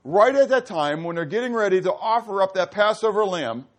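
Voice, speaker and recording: A man's voice: high voice, lively intonation, a little fast, hardly any pauses. A man preaching a sermon, teaching animatedly and putting questions to his listeners. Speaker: pastor.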